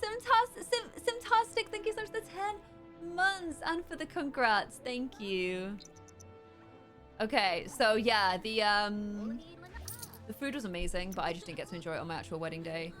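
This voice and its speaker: A young woman chatting casually while playing a game, rambling with fillers and breaking into high excited squeals. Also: moderate pace. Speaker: gameplay streamer. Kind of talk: casual chat over gameplay. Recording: faint music in background.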